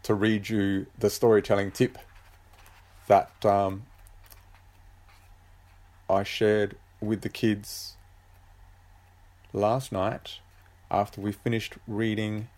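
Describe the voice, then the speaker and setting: A man's voice: lowish voice, takes it slowly, long pauses. A man who writes books, talking casually on his own show, hesitant and full of ums and uhs. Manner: relaxed, rambling. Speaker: author and podcast host. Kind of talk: casual solo chat.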